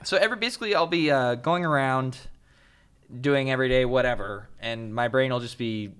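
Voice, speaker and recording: A young man talking as a podcast guest in easy, animated stretches, laughing and slipping into little acted-out voices. His pitch sits in the middle for a man. It is casual chat, not a prepared talk. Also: brisk, clean tone.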